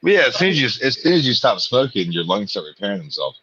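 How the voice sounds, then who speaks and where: A man's voice: fairly low pitch, very animated, fast talker, fairly bright tone, slightly rough. A man co-hosting a live stream, laid-back in his chat, laughing often and swearing casually. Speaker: co-host of a live watch party stream. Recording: dull, muffled stream audio.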